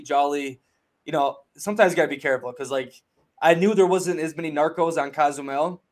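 A man in casual chat, telling a travel story in a rambling, profane way with lots of fillers. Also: on the high side.

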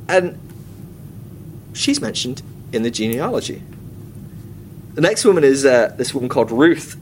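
Casual male Bible study teacher, mid pitch, irreverent comic asides, faint rumbling background noise. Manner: chatty and irreverent, with comic asides and acted-out quotes.

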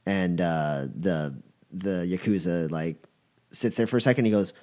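A man's voice: sits low, measured pace, darkish tone. A young man narrating a tabletop game as game master, rambling with lots of fillers. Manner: rambling with many fillers, chuckling.

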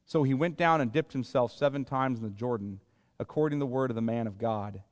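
A man's voice: mid-range voice, a little fast, in a large hall. A man preaching a sermon as a pastor, explaining scripture in plain, conversational paraphrase. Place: church sanctuary.

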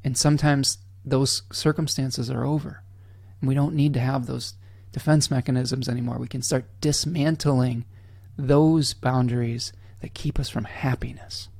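A man's voice: medium pitch, steady tone, normal speed, gravelly, no room sound, clean studio sound. A man hosting an astrology livestream, talking earnestly and candidly, often checking in with his listeners. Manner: candid and blunt, drops mild swears; emotional, softening to near-whisper at times. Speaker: astrology channel host.

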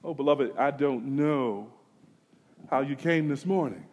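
A man preaching a sermon, swinging from hushed passages to emphatic, near-shouted climaxes. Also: medium pitch, unhurried. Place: church sanctuary. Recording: long reverb of a large hall.

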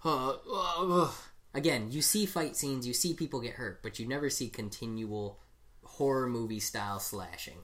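A man co-hosting a laid-back movie podcast. He talks at a middling pitch and rambles animatedly, full of "like" and restarts as he retells scenes. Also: normal speed, a bit bright. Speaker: podcast co-host. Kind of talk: casual movie chat.

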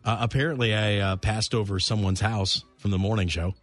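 Man, radio co-host, casual banter, rambling, self-deprecating, low voice, faint music bed. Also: steady tone, brisk, fairly bright tone, no room sound. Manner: rambling, self-deprecating storyteller with many fillers.

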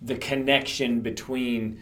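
A man's voice: medium pitch, little pitch movement, slow pace, a bit bright. A man co-hosting a podcast, telling a personal story with eager enthusiasm. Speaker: podcast co-host. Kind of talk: casual faith chat, storytelling.

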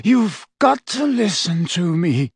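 A man reading an audiobook, voicing a haggard escaped male prisoner who pleads quietly and urgently. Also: high voice, sing-song, slow, slightly rough, no room sound, voice pushed up, full character voice.

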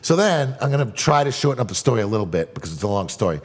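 Husky guy rattling off a story fast, lots of swearing, reverby room. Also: fairly low pitch, big pitch swings. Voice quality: fast, profane, rambling. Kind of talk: casual storytelling.

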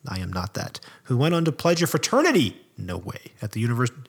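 This is a man co-hosting a chatty podcast, his voice sitting at an ordinary middle pitch. He reads through a written profile but keeps breaking off with dry, joking asides to his co-host. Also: wildly swooping pitch, quick pace, husky. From American South. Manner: reads aloud with asides and laughs. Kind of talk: casual podcast banter.

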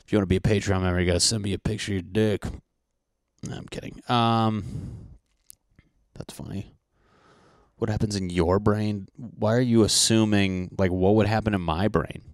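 A man's voice: on the low side, steady tone, moderate pace, no room sound, studio quality. A man hosting a solo podcast from his apartment, rambling casually with heavy swearing and crude jokes. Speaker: podcast host.

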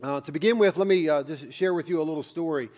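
A man's voice: on the high side, fast talker, a little mellow. A man preaching a sermon as pastor, telling a personal story with many fillers and restarts.

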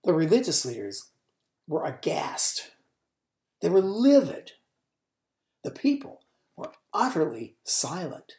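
A woman preacher retelling a scene in a sermon, with vivid storytelling that swings from booming lines to hushed ones. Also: very animated, takes it slowly, long pauses.

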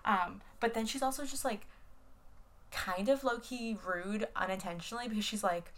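In a mid-range voice at normal speed, a young woman co-hosting a podcast rambles through a recap in casual chat. She leans on filler words and swears playfully.

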